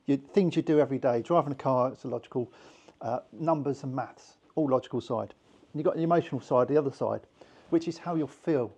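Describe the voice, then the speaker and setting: A man's voice: on the high side, warm tone. A man with a British accent teaching hypnosis to a small group in a chatty, informal way, acting out little voices in his examples. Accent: British English. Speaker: hypnosis instructor.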